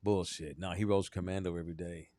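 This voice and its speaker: A man's voice: low voice, fairly even intonation, fast, dark tone, no room sound, clean studio sound. A man co-hosting a sports radio show, talking bluntly and profanely and slipping into mocking impressions. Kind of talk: casual sports talk.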